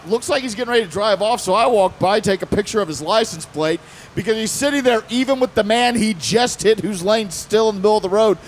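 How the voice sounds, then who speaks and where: Guy with a fairly high voice telling a funny story, animated, acts out the quotes, bit of faint noise behind. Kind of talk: casual storytelling on a convention panel.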